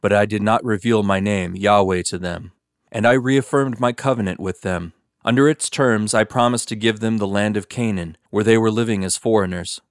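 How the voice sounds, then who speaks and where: A man's voice: on the low side, steady tone, normal speed, no room sound, clean studio sound, close to an everyday voice. A man reading as a solemn almighty god.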